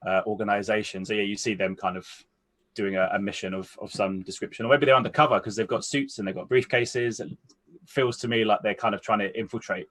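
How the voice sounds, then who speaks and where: A man chatting casually about movies as a co-host, his voice sitting on the low side. He thinks out loud, circling through long sentences before landing his point. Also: steady tone, brisk. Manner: rambling, thinks aloud in long winding sentences. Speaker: film podcast co-host. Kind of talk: casual film chat.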